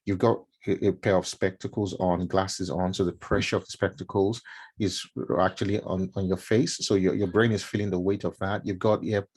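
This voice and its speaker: Speaking at normal speed, this deep-voiced man has a level, darkish tone with a breathy edge. He's a middle-aged mentor from Nigeria addressing a live stream audience in a chatty, casual talk that leans heavily on fillers and repeated words.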